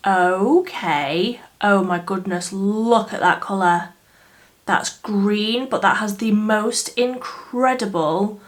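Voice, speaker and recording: Beauty vlogger, Yorkshire woman, chatty and excited, unhurried delivery, mid pitch. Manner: chatty, enthusiastic, with frequent fillers and laughs. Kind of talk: casual makeup review chat. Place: indoors under artificial light.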